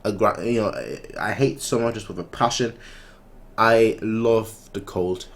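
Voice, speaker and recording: A man's voice: lowish voice, measured pace. A man hosting an anime reaction video, chatting casually while closing it, rambling with many restarts and poking fun at himself. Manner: rambling, many restarts and fillers, self-mocking.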